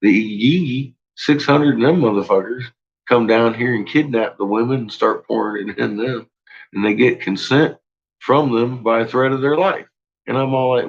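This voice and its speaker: A man's voice: mid-range voice, expressive, measured pace, creaky, dull audio. A man rambling through a profane, laugh-filled solo monologue. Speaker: channel host.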